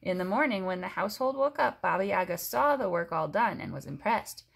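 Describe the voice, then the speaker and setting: Woman reading a children's story aloud, very lively pitch, expressive. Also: fairly quick, gravelly, husky. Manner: expressive, stops to explain to a child. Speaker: story reader.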